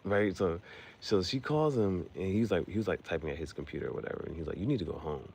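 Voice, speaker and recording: Deep gravelly man, slangy casual recap. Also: fast. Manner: slangy, rambling, animated storytelling. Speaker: podcast host.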